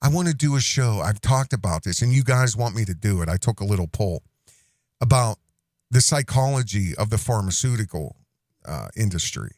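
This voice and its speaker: A man's voice: fairly low pitch, lively intonation, moderate pace, a little mellow, no room sound, studio quality. A man hosting an online commentary show, talking in a rambling, self-interrupting way with many restarts and asides. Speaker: host.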